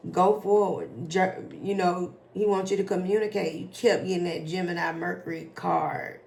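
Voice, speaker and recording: A woman doing a casual tarot reading for her viewers, slowly reading out card messages and reacting to them. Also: lowish voice, level tone, creaky, darkish tone. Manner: slow, drawn-out, reads card text aloud then reacts emotionally. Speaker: tarot reader.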